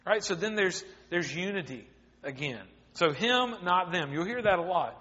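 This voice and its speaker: A high-voiced man preaches a sermon to his congregation, chatty and direct, often sinking to a hush to drive a point home. His voice carries a long reverb from the church sanctuary, and the sound is dull and muffled. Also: lively intonation, normal speed. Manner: conversational preaching, drops to quiet for emphasis. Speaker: pastor.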